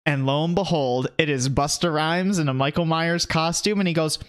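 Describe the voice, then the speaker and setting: Animated male podcast co-host. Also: fairly high pitch, moderate pace, hardly any pauses, smooth. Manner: animated retelling, cursing freely. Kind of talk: casual chat.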